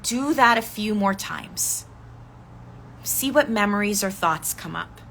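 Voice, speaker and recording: Bright-voiced woman coaching gently. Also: medium pitch, lively intonation, takes it slowly, gravelly, a little hiss or hum. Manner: gentle, inviting, reads viewer comments aloud. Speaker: decluttering coach. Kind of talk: live-stream coaching talk, guided reflection.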